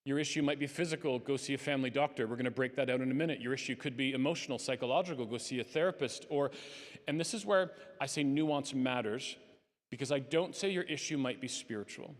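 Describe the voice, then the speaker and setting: A man's voice: mid-range voice, fast. Earnest man speaking in a hall. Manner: earnest, conversational, lively emphasis. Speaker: speaker at a conference breakout. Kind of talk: talk to a live audience. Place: conference hall. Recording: long reverb of a hall.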